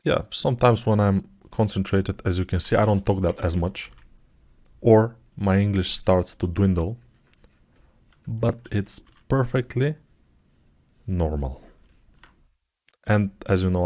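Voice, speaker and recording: Low-voiced man thinking aloud while sculpting. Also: slow, pauses often. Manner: relaxed thinking aloud, self-deprecating. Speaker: 3D artist tutor. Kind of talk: live commented sculpting tutorial.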